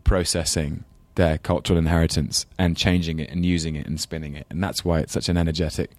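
Deep-voiced Englishman with a London accent. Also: level tone, fast, a little mellow, no room sound. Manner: thoughtful, rambling with fillers and self-deprecating laughs. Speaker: guest. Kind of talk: casual interview chat.

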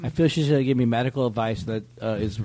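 A man joking in casual comedic chat, firing off teasing questions in a wry, deadpan way. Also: medium pitch, fast, a little hiss or hum. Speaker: comedian guest.

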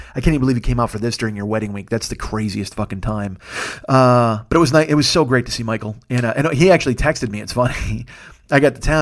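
A man, a comedian and podcast host, telling a rambling, profane story in a casual, animated way with lots of restarts. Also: mid-range voice. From lives in Los Angeles.

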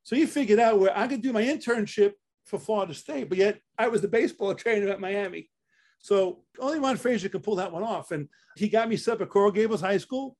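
A chatty older man from Staten Island, New York, speaks in a high, brisk, slightly mellow voice. He's an athletic trainer being interviewed, telling stories casually and repeating words as he goes.

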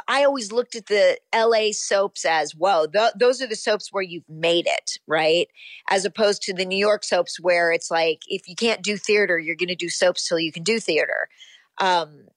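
A woman in her fifties, an actress being interviewed, recalling her past in a relaxed, rambling way full of ums and you-knows. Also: fairly low pitch, dry recording. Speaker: actress guest. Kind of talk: casual interview.

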